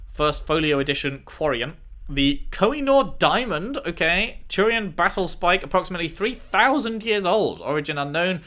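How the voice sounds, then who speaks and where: A man playing a video game, reading in-game messages aloud and reacting with casual, profane commentary. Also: fairly high pitch. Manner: swears freely, reads dossiers aloud and reacts with loud outbursts. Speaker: gameplay streamer.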